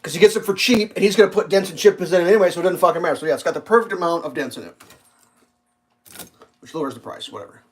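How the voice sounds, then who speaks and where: Cooking in his home kitchen on a live stream, a man rambles casually through a story, cursing freely and acting out other people's words in a raised voice. His voice sits high and is husky, and he speaks in rapid-fire bursts.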